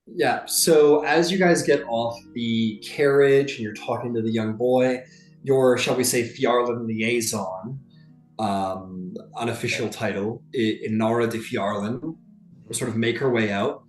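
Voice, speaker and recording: A man's voice: medium pitch, steady tone, unhurried, faint music behind. A man narrating a tabletop game as game master, rambling with many fillers. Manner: rambling, lots of "like" and "um". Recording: echoey room.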